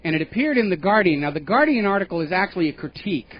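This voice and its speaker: A man's voice: high-pitched, big pitch swings, very fast. A male radio talk show host giving opinionated political commentary in an emphatic, pointed way, with scornful asides. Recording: dull lo-fi radio broadcast.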